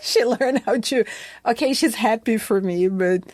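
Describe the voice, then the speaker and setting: A young adult woman from Brazil with a Brazilian accent, chatting as a podcast guest and telling lively stories full of "like" and "I feel that". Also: fairly high pitch, a little slow, dry recording, clean studio sound. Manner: lively storytelling, acts out quoted voices, many "like" and "I feel that" fillers. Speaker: podcast guest, head bartender. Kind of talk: casual interview chat.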